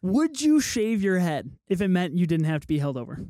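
A man with a fairly high voice leads a casual podcast chat, moving the group through topics with a wry, teasing edge. His voice sits dry and close to the mic. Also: very animated, fairly quick, dark tone, dry recording. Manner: steers the talk, wry and teasing. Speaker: podcast host.

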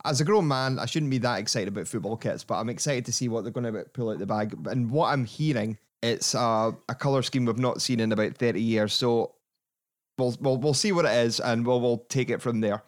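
A man hosting a casual football podcast, chatty and quick to laugh. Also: medium pitch. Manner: chatty, laughing, animated asides. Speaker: podcast host.

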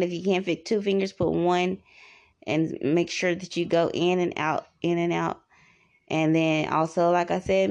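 A woman's voice: on the low side, creaky, a little mellow. A woman hosting a podcast, giving rambling, repetitive advice in a casual monologue. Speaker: podcast host.

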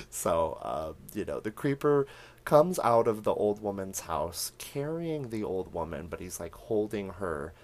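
A young man with a deep voice hosts a podcast, recapping a horror film in casual storytelling. He laughs often and acts out the characters' lines. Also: measured pace. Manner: animated storytelling, laughing often, acting out quotes. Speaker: podcast host.

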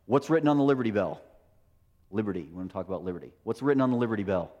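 A man's voice: fairly low pitch, lively intonation, very fast, darkish tone, lo-fi sound. Preaching man in an echoing hall. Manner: peppers points with "right?" and rhetorical questions. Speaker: pastor. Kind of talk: sermon. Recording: long hall reverb.

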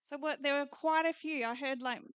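A woman preaching at a church conference with a fairly high voice. She repeats earnest declarations over the listeners. The sound is close and dry. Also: steady tone, moderate pace, a bit bright, dry recording. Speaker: conference speaker. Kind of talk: prophetic preaching.

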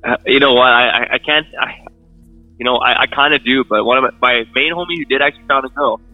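A man's voice: medium pitch, quick pace, no room sound, soft background music. A man talking casually over the phone, laid-back, often restarting his sentences. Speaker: friend on the phone. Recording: tinny phone line.

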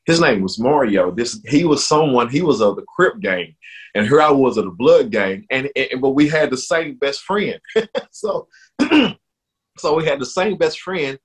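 In an interview, a man gives his personal faith testimony with earnest sincerity, stopping and restarting as his emotion builds. His husky voice sits at a medium pitch and carries lively intonation.

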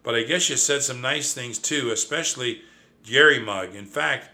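A man's voice: medium pitch, normal speed, sharp tone. A man voicing an impatient, irritating male mouse cousin in a brash, teasing manner in a storybook reading.

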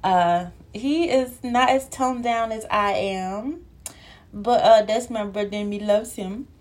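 Young woman podcast host, winded and breathy, loose playful chatter, lots of filler ums. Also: mid-range voice, slow pace. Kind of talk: casual solo podcast chat.

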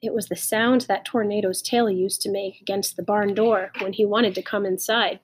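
A woman reading a children's novel aloud, tender and expressive. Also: medium pitch, normal speed, slightly rough. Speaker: audiobook reader. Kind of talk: audiobook narration.

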